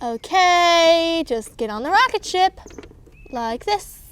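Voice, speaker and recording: A woman playing with dolls and voicing every character in a playful, animated way, squealing on the rides. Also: very high-pitched, slow pace, very noisy. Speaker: doll play storyteller.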